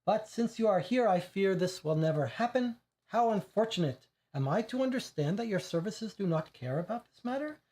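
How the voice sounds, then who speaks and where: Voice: medium pitch, expressive, a little mellow, voice pushed up, lightly acted. A player reading out a disdainful, mocking woman from a board game, in a sneering, sarcastic manner. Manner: sneering, sarcastic, slow and deliberate. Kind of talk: reading game text aloud.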